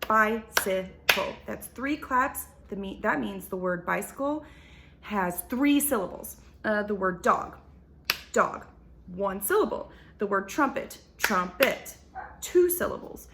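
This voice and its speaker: A young woman teacher giving a recorded lesson to second graders, patient and slow, sounding out words syllable by syllable. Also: medium pitch, lively intonation, creaky, noisy background.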